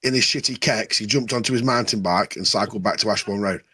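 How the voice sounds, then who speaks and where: A man's voice: lowish voice, fast, pushed and bright, slightly rough, no echo. A man, a podcast co-host, swearing often and laughing through crude anecdotes in casual chat.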